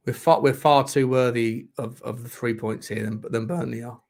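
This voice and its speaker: A man hosting a live football watchalong, reacting to the match in excitable, sweary commentary and shouting at the referee. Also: mid-range voice, moderate pace, hardly any pauses.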